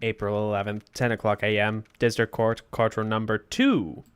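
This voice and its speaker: A halting, fussy old judge, read by a man. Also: on the low side, flat delivery, smooth, voice pushed down, lightly acted. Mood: hesitant. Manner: reading game dialogue aloud, halting. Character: older male judge, hesitant and fussy.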